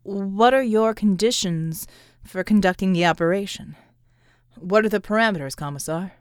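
A woman's voice: mid-range voice, normal speed, clear, resonant tone, no echo, studio quality, natural voice. A woman voicing a disciplined male soldier who answers in a formal, guarded way. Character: wary, disciplined male soldier under orders.

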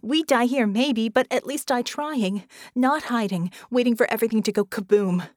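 A woman's voice: fairly high pitch, expressive, moderate pace, no echo, clean studio sound, pitched above the performer's own voice. A woman reading an audiobook voices a stubborn young woman fighter, speaking in urgent, clipped, defiant bursts.

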